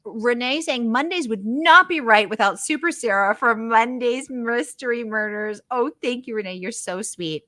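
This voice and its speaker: A woman with a faint lilt hosts a livestream author chat in an upbeat, gushing way. Her voice is bright and a touch high. The sound is dry and close. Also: no room sound. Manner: bubbly and gushing, quick asides, frequent laughs. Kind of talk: casual livestream hosting, reading viewer comments.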